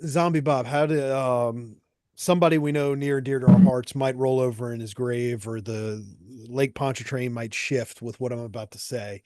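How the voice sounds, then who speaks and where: A man co-hosting a sports podcast, explaining things in a measured, matter-of-fact way. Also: mid-range voice, steady tone, a little mellow, dry recording, clean studio sound. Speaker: podcast co-host. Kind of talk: casual sports chat.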